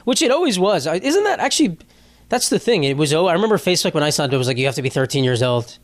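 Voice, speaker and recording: A young American man hosts a casual solo podcast, rambling and cracking jokes with lots of swearing. His voice sits on the high side, sing-song and racing along.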